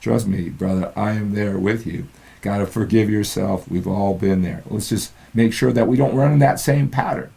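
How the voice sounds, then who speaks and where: Gravelly older man coaching. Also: on the low side, normal speed, dark tone. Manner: earnest, peppers lines with "right?". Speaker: fitness and mindset coach. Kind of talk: motivational talk to camera.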